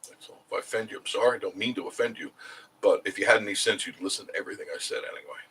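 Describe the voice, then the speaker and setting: A man's voice: lowish voice, rapid-fire, bright, forceful tone, slight background noise, poor audio. A middle-aged man hosting a casual live stream, rambling and chuckling as he answers viewer comments.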